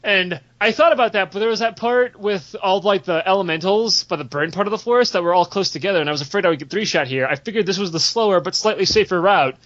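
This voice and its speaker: Young man, high voice, comic storyteller on a podcast, animated and profane, dull lo-fi audio. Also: quick pace, few pauses. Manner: animated, profane, acts out quotes with big pitch jumps. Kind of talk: casual comedic storytelling.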